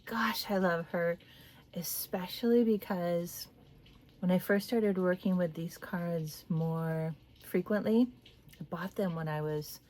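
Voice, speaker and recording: Slow, soft-spoken woman tarot reader. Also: on the low side, fairly even intonation. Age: late 30s. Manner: meandering, soft-spoken, with little laughs. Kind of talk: casual spiritual talk to camera.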